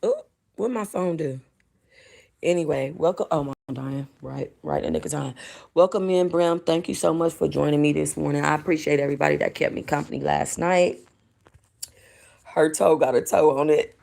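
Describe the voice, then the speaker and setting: A woman from North Hollywood hosting a casual livestream, tired and giving loud, profane commentary full of laughter. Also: sits low, normal speed, vocal fry. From North Hollywood, California. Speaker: livestream host.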